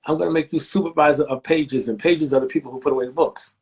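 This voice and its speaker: A library director in his sixties talks fast in a slightly rough voice during a storytelling interview. He's an animated teller who acts out the voices of people he quotes, leaping sharply in pitch.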